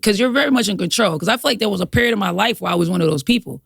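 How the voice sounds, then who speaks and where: A woman's voice: medium pitch, lively intonation, racing, creaky, a bit bright, breathy edge, no room sound, clean studio sound. A woman comedian guesting on a podcast, talking in a laid-back, slangy way with lots of swearing and laughter. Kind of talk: casual chat.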